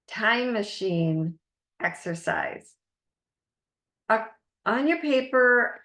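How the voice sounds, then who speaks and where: A woman coach gives a masterclass in a voice of ordinary middle pitch. She speaks earnestly and encouragingly as she guides her listeners. The room around her sounds echoey. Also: a bit bright. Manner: earnest, encouraging, guiding the listener through exercises. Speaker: life coach.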